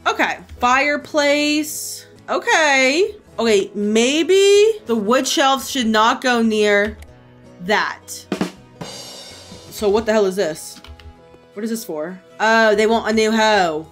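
A young woman streamer giving casual gameplay commentary, excitable, gasping and swearing freely. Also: fairly high pitch, slow, soft background music.

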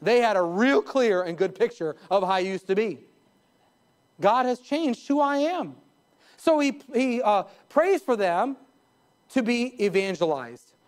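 A male pastor preaching a live sermon in a church, emphatic, with sudden rises and drops in pitch and pace and chuckles at his own jokes. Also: animated, measured pace. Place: church sanctuary.

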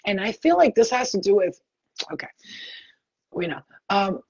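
A woman psychic medium giving a live online reading over a video call, talking in a rapid, chatty and blunt way and swearing freely. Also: medium pitch, big pitch swings, creaky, a little mellow, husky, dry recording, highs cut off.

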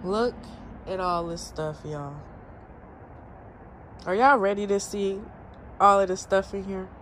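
A woman's voice: mid-range voice, steady tone, slow, a little hiss or hum. A woman chatting casually to her viewers in a family vlog, telling a story from her storage unit. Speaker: family vlogger. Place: storage unit, partly outdoors.

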